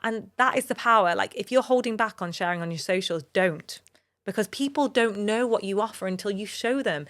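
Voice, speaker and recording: An English woman in her thirties hosts a solo podcast, speaking fairly quickly in a medium-pitched, fairly bright voice. She talks earnestly and openly about her own experiences to motivate listeners, and she becomes emotional at times.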